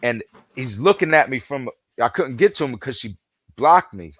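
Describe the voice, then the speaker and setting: A man's voice: medium pitch, expressive, moderate pace, a bit bright, dry recording. A man chatting as a podcast guest, telling rambling stories full of "you know" and acted-out dialogue. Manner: rambling storyteller, acts out quoted dialogue; leans heavily on "you know" fillers. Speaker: podcast guest, football fan. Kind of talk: casual chat.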